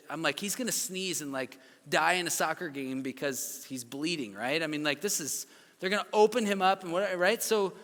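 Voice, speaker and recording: Thirties male youth pastor, animated storyteller, long reverb. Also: high-pitched. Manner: animated storytelling, acts out quoted lines. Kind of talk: youth sermon.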